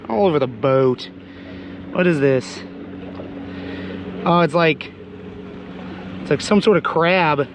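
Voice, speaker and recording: A man hosting a fishing vlog, talking casually while he cleans and cooks fish, hoarse as he loses his voice. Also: mid-range voice, noisy background. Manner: chatty, exclaims often. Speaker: fishing channel host. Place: outdoors on a boat.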